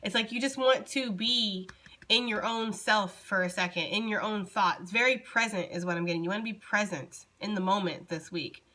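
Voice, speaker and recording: A woman's voice: medium pitch, normal speed, sharp tone. A young woman giving a casual, chatty tarot reading and talking straight to her viewers. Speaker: tarot reader.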